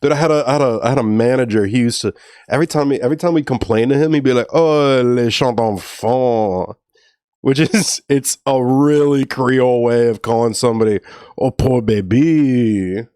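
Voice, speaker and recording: A man from New Orleans talks loosely and at length, laughing as he goes, in an ordinary middle-pitched voice. The sound is dry and close, with no room around it. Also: fast talker, a little mellow, dry recording. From New Orleans, Louisiana. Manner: chatty, laughs often, loose and rambling. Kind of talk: casual chat.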